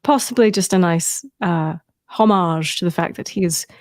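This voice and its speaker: A woman's voice: on the low side, moderate pace, no room sound, studio quality. A woman co-hosting a casual recap podcast, chatty and detail-loving, with many hesitant fillers. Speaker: podcast co-host.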